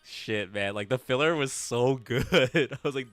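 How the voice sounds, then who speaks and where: A man's voice: medium pitch, measured pace, few pauses, fairly bright tone, no room sound. A man streaming games and chatting casually, rambling, laughing often and swearing freely. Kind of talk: casual livestream chat.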